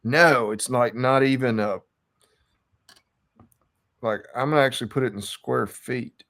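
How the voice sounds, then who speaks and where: A man talks shop about cattle in casual podcast chat. His voice carries a gravelly fry. He rambles easily, piling on fillers and false starts as he thinks aloud. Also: mid-range voice, measured pace. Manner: relaxed, rambling with frequent fillers and restarts. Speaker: podcast co-host and cattle rancher.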